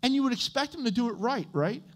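Animated man preaching a sermon. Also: quick pace. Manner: conversational preaching with frequent "okay?" and "right?" checks; animated, with swings in pitch and loudness. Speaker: pastor. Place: church.

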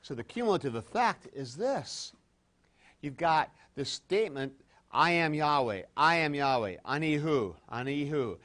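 A man giving a classroom theology lecture, animated and emphatic, swinging between loud stresses and quiet asides and acting out imagined objections. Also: fairly high pitch, measured pace. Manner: conversational, acts out imagined objections. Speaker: theology professor.

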